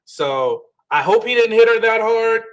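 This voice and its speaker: A man with a slightly higher voice chats through a reality-show recap. He talks loosely and fast and slips into quoted lines as he goes. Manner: chatty, animated, acts out quoted lines. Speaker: podcast co-host.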